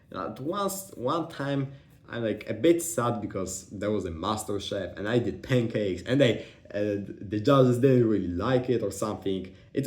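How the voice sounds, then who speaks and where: A man's voice: fairly low pitch, darkish tone. A young man telling a personal story in a rambling, casual way, swearing often and restarting his sentences. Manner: rambling, profane, with many fillers and restarts. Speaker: vlogger. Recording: roomy echo.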